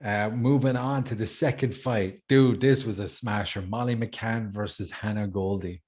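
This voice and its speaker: A man with a lowish voice hosts a casual podcast. He is eager and swears freely as he runs through the topics. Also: steady tone, normal speed, darkish tone. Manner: enthusiastic, swears freely, leads the rundown. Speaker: podcast host. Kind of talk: casual chat.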